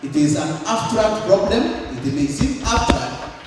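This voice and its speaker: Guy giving a slow emphatic speech, bit high voice, echoey hall, faint music under. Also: expressive, recorded from a distance. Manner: emphatic, builds long lists. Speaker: speaker at an awareness meeting. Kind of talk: public speech.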